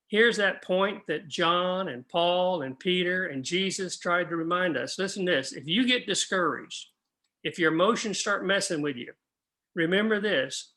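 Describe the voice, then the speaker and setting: A man's voice: high-pitched, a little slow, bright, forceful tone. An older man teaching a Bible class in an earnest, practical way, often asking his listeners questions.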